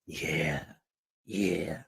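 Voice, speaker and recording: A man putting on the voice of a lecherous older male mogul in a low, drawn-out, leering mutter. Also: fairly even intonation, vocal fry, fairly bright tone, breathy edge, dry recording, heavily acted.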